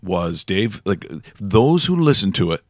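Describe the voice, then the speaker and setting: A man's voice: fairly low pitch, very animated, unhurried, no room sound. A man hosting a casual studio morning show, rambling enthusiastically with many restarts. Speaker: show host.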